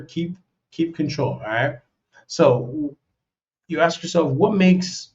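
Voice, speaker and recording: Here an American host with a medium-pitched, slightly mellow voice runs a casual advice monologue. He talks loosely and bluntly, heavy on "man" and "you know," slipping into acted-out quoted voices. It's a dull, lo-fi recording.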